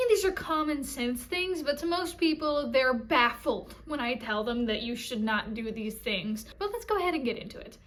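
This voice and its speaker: A woman vlogger with a high-pitched voice, ranting casually to the camera. She talks bluntly and sarcastically and sounds fed up. Her delivery is direct and unfiltered. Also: a bit bright. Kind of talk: casual vlog rant.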